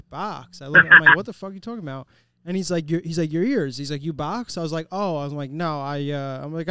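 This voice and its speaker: A man's voice: a little high, pushed and bright, clear, resonant tone. A man on a podcast telling a funny story in a loose, laughing way. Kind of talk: casual storytelling chat.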